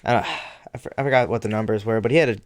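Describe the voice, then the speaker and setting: A man's voice: fairly low pitch, rapid-fire. Laid-back man in sports chat.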